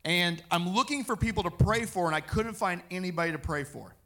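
Bright-voiced man preaching his testimony. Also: high voice, brisk. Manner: animated storytelling, acting out his own quotes. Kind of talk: personal testimony sermon.

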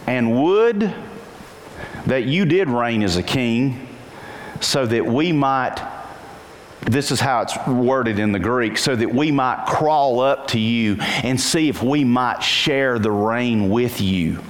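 Delivering a sermon in a hall full of long reverb and faint background noise, a male pastor speaks with animation. He quotes lines in a slow, singsong way with large pitch leaps and keeps asking his listeners questions.

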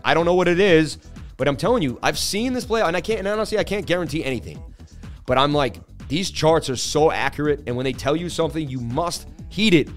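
Confident man hosting a live stream. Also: a little high. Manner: animated, repetitive, confident. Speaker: crypto market analysis livestream host. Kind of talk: casual livestream chart commentary.

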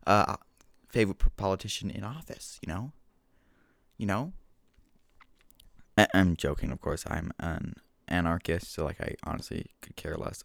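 A man's voice: low voice, lively intonation, normal speed, vocal fry, no room sound, clean studio sound. A man rambling casually on his own show, goofy and self-mocking, talking at home into a desk microphone. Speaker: solo podcaster. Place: home room with washer and dog. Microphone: desk mic with gain control.

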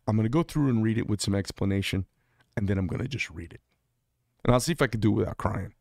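A man's voice: lowish voice, quick pace, creaky, darkish tone, no room sound, clean studio sound. A middle-aged man who served in the military gives a candid, rambling monologue, blunt and prone to restarting his sentences. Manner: blunt, rambling, self-interrupting. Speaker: veteran vlogger.

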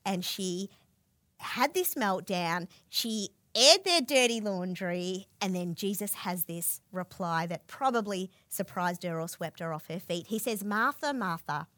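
A woman preaching a sermon, retelling a scripture story with expressive storytelling and asking listeners to picture the scene. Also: lowish voice, unhurried, no room sound.

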